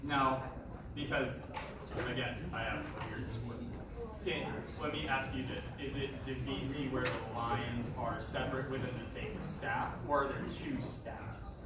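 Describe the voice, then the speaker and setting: A man's voice: medium pitch, fairly even intonation, a little slow. Man directing a band in an echoey room. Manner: encouraging, counts in and sings passages. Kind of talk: rehearsal instruction. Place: large echoey rehearsal room. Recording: echoey room from far off, noisy.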